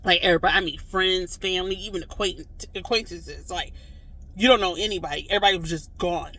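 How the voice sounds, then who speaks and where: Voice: mid-range voice, fast. A vlogger telling a story casually to the camera, rambling with lots of "like" and "you know" and acting out reactions. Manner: animated, acts out reactions in quotes.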